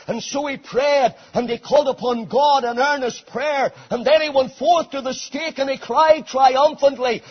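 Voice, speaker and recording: A man preaching a sermon dramatically, swinging between hushed passages and shouted ones. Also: very high voice, steady tone, normal speed, few pauses. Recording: dull lo-fi sermon recording.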